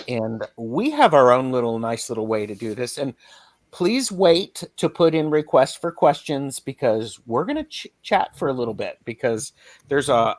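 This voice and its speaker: A man's voice: medium pitch, no room sound. Male co-host, casual live-stream chatter, rambling with restarts; dry close mic.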